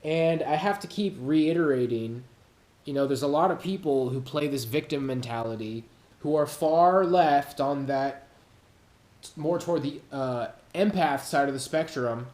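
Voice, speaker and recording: A man's voice: on the high side, a little slow, a little mellow, echoey room. A man hosting his own channel, talking casually and rambling, swearing often and laughing at his own jokes. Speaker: YouTube channel host. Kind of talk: casual monologue to camera. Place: home room with cats.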